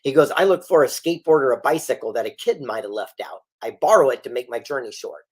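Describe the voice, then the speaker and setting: Animated man telling stories. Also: medium pitch, fast talker, husky. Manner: animated storyteller acting out quoted dialogue. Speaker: guest author and speaker. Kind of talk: storytelling interview.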